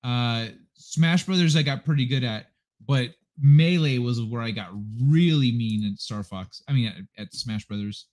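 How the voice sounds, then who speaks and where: A man's voice: medium pitch, a little slow, darkish tone. A man hosting a livestream from his apartment living room, chatting casually to viewers at a desk microphone in a rambling, laid-back way with plenty of swearing. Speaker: livestream host.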